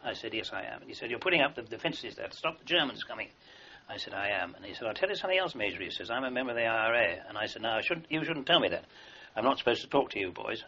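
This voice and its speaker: A man's voice: on the low side, lively intonation, fast, few pauses, bright, forceful tone, slightly rough. An older man, an army veteran, telling long wartime anecdotes in a rambling way with fillers and restarts, in a dull lo-fi recording. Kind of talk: oral history recollection.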